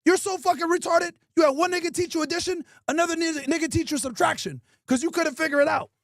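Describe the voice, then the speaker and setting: A man's voice: very high voice, steady tone, fast, a bit bright, dry recording, studio quality. A male host doing an improvised comedy roast, crude and mocking, hurling insults.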